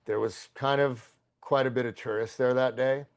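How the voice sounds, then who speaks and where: A man, a podcast guest, telling a long story in a casual, profane, excitable and rambling way. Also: mid-range voice, normal speed.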